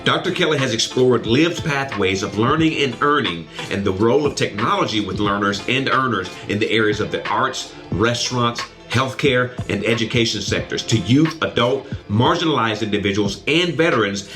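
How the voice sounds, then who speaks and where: A man's voice: on the low side, normal speed, few pauses, fairly bright tone, soft background music. American man reading an upbeat show intro. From United States. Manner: upbeat, reading a formal guest bio. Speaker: podcast host.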